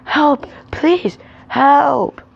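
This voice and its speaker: A man voicing a young shepherd boy who shouts for help in a high, frantic voice. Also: very slow, gravelly, lo-fi sound, full character voice. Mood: desperate pleading. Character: young boy shepherd, bored mischief-maker.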